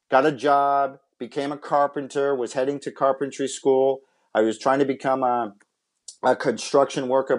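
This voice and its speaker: A man from Massachusetts speaks as a podcast guest at an ordinary, mid-range pitch. He tells his life story earnestly and from the heart, in the style of a personal testimony. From Massachusetts, USA. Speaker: interview guest, former pitcher and scout.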